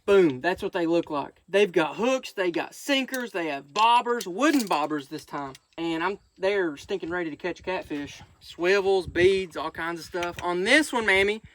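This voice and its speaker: Excitable high-voiced man outdoors. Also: moderate pace, hardly any pauses, a little hiss or hum. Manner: excitable, gushing when surprised. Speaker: vlogger. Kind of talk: casual outdoor fishing vlog. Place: outdoors by a pond.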